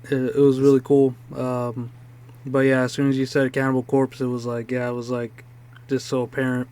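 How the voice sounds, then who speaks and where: A man's voice: mid-range voice, completely flat delivery, a little mellow, clean tone. A man co-hosting a podcast, joking and laughing in casual chat. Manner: teasing, quick to laugh. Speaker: podcast co-host.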